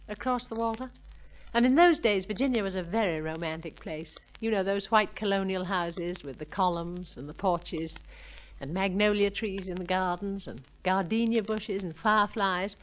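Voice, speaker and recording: A woman's voice: mid-range voice, normal speed, poor audio. A woman performer introducing a song with a refined, storytelling manner. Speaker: comic performer.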